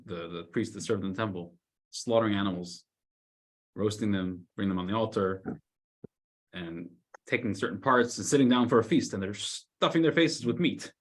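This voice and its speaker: A man, a rabbi, telling a story in a weekly Torah class, loudly acting out the scolding characters. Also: on the low side, husky. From United States. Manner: animated storyteller, shouts the lines of scolding characters.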